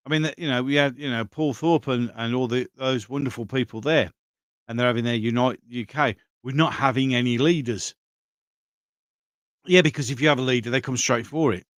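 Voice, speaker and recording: A man's voice: medium pitch, brisk, fairly bright tone, no room sound, studio quality. A man hosting a live stream in a loose, conversational way, reading out viewer comments and answering them as he goes. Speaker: livestream host reading viewer chat.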